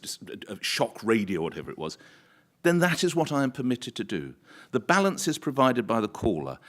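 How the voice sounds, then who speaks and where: A man, a commercial talk radio presenter, giving an animated anecdote-filled speech at a conference and acting out quoted voices. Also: mid-range voice. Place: conference hall.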